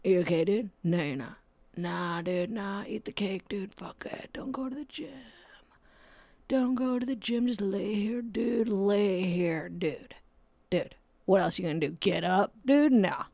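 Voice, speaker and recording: A woman's voice: medium pitch, unhurried, creaky, darkish tone, dry recording. A woman voicing her own inner voice of depression, a lazy and coaxing presence that drawls and keeps saying dude. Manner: drawling, slouchy, calls everyone dude.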